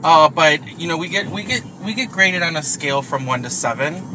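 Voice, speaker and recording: A man's voice: fairly high pitch, fairly quick. A man co-hosting a podcast in casual chat, rambling with lots of fillers and laughing often, talking from inside a car. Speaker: podcast co-host. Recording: car road noise behind.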